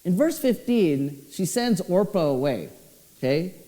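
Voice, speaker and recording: A young man, a pastor, preaching a sermon with expressive storytelling, his voice swinging low and high. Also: measured pace. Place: church hall. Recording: church hall with long reverb.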